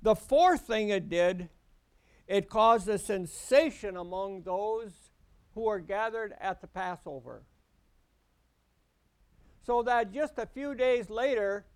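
A man preaching a sermon, slow and deliberate, rising into emphatic lines. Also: high-pitched, smooth.

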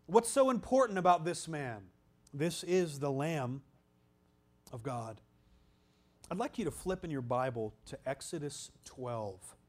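A man preaching a sermon, emphatic, swinging from loud exclamations down to hushed, almost whispered lines. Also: on the high side, animated, unhurried, pauses often.

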